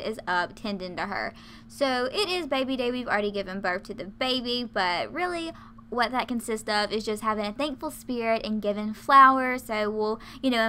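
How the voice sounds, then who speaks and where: A woman's voice: on the high side, pushed and bright, slight background noise. A woman casually commentating her life-sim game, chatty and laughing often. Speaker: let's play host.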